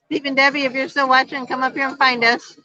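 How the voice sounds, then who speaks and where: Chatty middle-aged woman, bright voice. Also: high voice, flat delivery, fast, dry recording. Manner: chatty, laughs often. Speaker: vlog co-host. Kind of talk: casual livestream chat. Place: outdoor patio at a bar. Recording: dull lo-fi phone stream.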